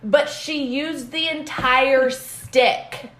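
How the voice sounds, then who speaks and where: A young adult woman co-hosting a podcast, telling stories in a casual, animated way, swearing often and laughing as she talks. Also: high voice, drawn-out words. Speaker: podcast co-host. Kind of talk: casual storytelling chat. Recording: echoey room with clear background noise.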